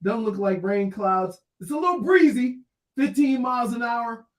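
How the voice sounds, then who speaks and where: High, slow male radio co-host, roomy. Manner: rambling, thinking aloud. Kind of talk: casual banter.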